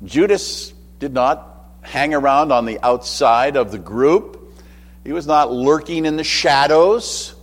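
A man's voice: medium pitch, in a large hall. A man preaching a sermon in a conversational way, with asides and acted-out quotes.

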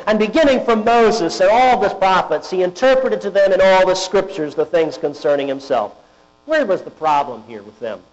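A man preaches in a high voice, deliberate and emphatic, leaning on rhetorical questions. The recording is dull and lo-fi. A mains hum runs underneath. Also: animated. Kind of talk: sermon.

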